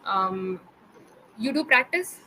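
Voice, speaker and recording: A woman's voice: medium pitch, animated, slow pace, pushed and bright, slight background noise, poor audio. A young woman tutoring pronunciation patiently, spelling words out letter by letter and checking in often. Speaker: English tutor. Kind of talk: online pronunciation lesson.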